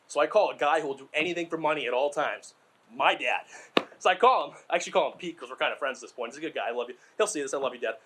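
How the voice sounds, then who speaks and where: A man's voice: mid-range voice, fairly bright tone, a little hiss or hum. A young man from Massachusetts telling rambling, crude, self-deprecating stand-up stories, full of asides and fillers. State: out of breath. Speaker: stand-up comedian.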